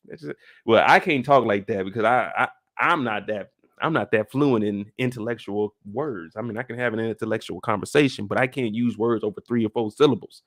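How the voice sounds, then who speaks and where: Male live-stream host, casual recap talk, jokey and animated, mid-pitched voice that jumps high when excited. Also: fairly quick.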